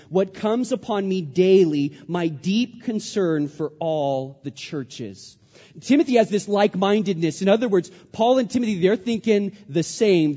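A man in his thirties, a pastor preaching a sermon, animated and then hushed as he tells a story. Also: sits high. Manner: animated preaching, drops to a hush for stories. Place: church hall. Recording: dull sound with long hall reverb.

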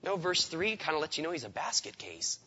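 A man's voice: on the high side, big pitch swings, fairly quick, creaky, bright, forceful tone, slightly rough, long reverb tail, highs cut off. A man preaching a sermon in a conversational way, often repeating words as he starts a sentence. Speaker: pastor.

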